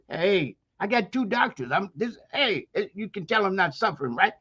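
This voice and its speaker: A man's voice: high-pitched, lively intonation, brisk, few pauses, fairly bright tone, muffled recording. A man from Maryland's Eastern Shore with a Maryland Black vernacular accent, a university lecturer speaking as an interview guest in an emphatic, preacherly way with many rhetorical questions. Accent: Maryland Eastern Shore, African American Vernacular. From Maryland Eastern Shore, USA. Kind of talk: impassioned interview talk.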